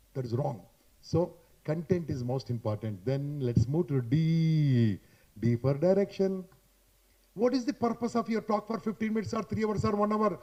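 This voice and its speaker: Speaking into a handheld mic before a live audience in a hotel hall, a man with an Indian English accent gives an emphatic, repetitive motivational talk about public speaking. His voice is high and a little mellow. He's chatty, talks straight to the listeners, and tags his points with "boss."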